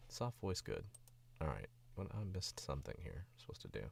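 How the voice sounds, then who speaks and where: Very deep, gravelly-voiced streamer. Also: male voice, big pitch swings, brisk, a little hiss or hum. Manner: chatty, self-critical, rambling. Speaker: voice actor. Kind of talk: casual livestream chat while editing. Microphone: studio mic.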